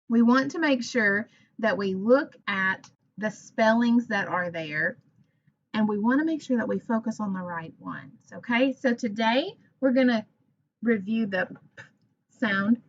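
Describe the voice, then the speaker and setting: Slow, clear woman teaching phonics. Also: fairly high pitch, dull audio. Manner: slow, clear, encouraging teacher talk with modeled sounds. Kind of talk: teaching a phonics lesson to children.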